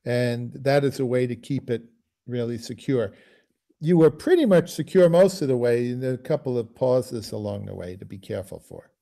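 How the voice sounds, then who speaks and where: A man's voice: mid-range voice, expressive, moderate pace, vocal fry. A man teaching a music masterclass, musing aloud and singing phrases to explain them. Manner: musing, sings phrases, trails off quietly. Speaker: bassoon teacher giving a masterclass.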